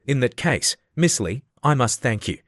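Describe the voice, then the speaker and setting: A man voicing a strict middle-aged mother who speaks formally and in a measured way. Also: medium pitch, big pitch swings, no room sound, clean studio sound.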